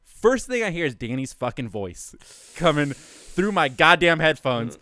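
Man, casual storyteller, animated, cursing, fairly high voice, smooth and clear, dry close sound. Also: measured pace, no room sound. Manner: animated, swearing, laughing through the story.

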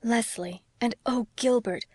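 A woman reading the part of an excitable young wife, eager and breathless. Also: measured pace, slightly rough, no echo, clean studio sound. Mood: excited. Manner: breathless, excited, rising pitch.

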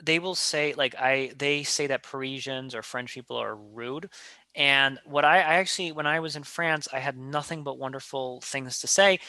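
Male, casual chat, animated storyteller, bright forceful tone, dry close sound. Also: medium pitch, moderate pace, dry recording. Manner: animated storyteller, many restarts and filler words. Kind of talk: casual conversation.

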